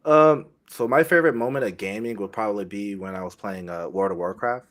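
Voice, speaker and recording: A man's voice: on the low side, a little fast, a bit bright. A man in his thirties, a streamer guest on a podcast, speaking in an easygoing way with many ums. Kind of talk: casual interview chat.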